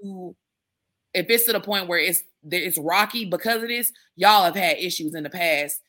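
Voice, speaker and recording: A woman guesting on a podcast, chatting casually and thinking out loud with frequent restarts. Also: on the low side, a little fast. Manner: thoughtful, hesitant, with many restarts and "like". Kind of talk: casual chat.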